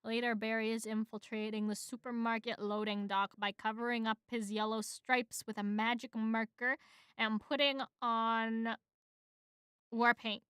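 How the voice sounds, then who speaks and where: A young woman streamer reads a film script aloud, casual and rambling with fillers. Her voice is high, bright and crisp. It is recorded close on a desk mic with a dry sound. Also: little pitch movement, unhurried, dry recording. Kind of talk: casual script read-through.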